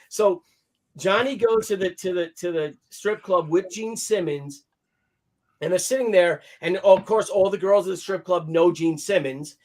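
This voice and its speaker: High-voiced man telling a wild story. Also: measured pace. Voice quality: animated, acts out quotes in other voices. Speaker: podcast guest telling an anecdote. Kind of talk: casual storytelling, profane. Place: hotel stories; recorded on a video call show.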